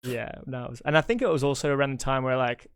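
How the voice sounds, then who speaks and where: A man's voice: medium pitch, lively intonation, quick pace, smooth, dry recording. An Australian man in his thirties, a guest DJ telling stories in a laid-back, casual podcast chat full of fillers. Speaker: guest DJ and agency owner.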